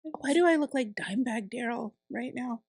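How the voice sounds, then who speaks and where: Blunt, joking high-voiced woman. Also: normal speed, darkish tone, breathy edge, no echo, clean studio sound. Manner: blunt, swearing, joking reactions. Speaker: podcast co-host. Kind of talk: casual chat.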